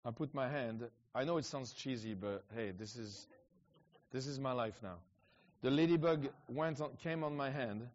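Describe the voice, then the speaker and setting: A middle-aged man tells stories in a rambling, animated way, with many restarts and quick asides. His pitch sits in the middle of the male range. The recording sounds a little dull and muffled. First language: French. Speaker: evangelist guest. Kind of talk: casual storytelling talk.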